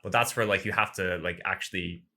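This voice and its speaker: A man's voice: low voice, fairly even intonation, fairly quick, bright, forceful tone. A man chatting casually on a gaming podcast, rambling and filling his talk with "like". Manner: rambling, heavy use of "like". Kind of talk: casual chat.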